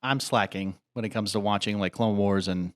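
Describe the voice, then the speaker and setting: A man's voice: on the low side, fairly even intonation, normal speed, no room sound, clean studio sound. A man co-hosting a podcast, rambling casually and leaning on "I mean" and "like.". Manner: rambling, leans heavily on "I mean" and "like". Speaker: podcast co-host. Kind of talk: casual chat.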